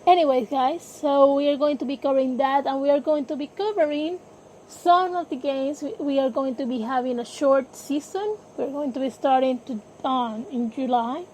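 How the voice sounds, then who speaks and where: Female podcast host, high voice, unhurried, hesitant, self-correcting, faint background noise. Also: darkish tone, poor audio. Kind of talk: casual sports podcast talk.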